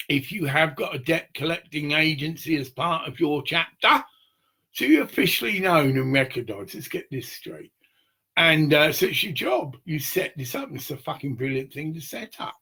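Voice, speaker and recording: Gravelly husky man rambling. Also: a little high, bright, forceful tone. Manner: rambling, profane, acts out little scenes. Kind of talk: rambling monologue to camera.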